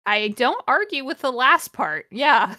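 Woman host reading bad fanfic out loud, kinda high and really bright, sarcastic, groans and laughs a lot. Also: big pitch swings, a little slow. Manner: sardonic, groaning and laughing at the text. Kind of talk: casual comedic read-along.

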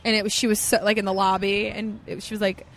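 A woman comedian, a guest on a casual podcast, telling stories in an animated, playful way. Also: mid-range voice, fast, slight background noise.

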